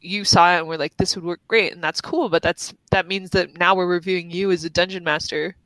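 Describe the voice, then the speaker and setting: A woman on a podcast, talking as a player in the game, thinking out loud in a casual discussion and laughing easily. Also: fairly low pitch, steady tone, brisk, no room sound, rough recording.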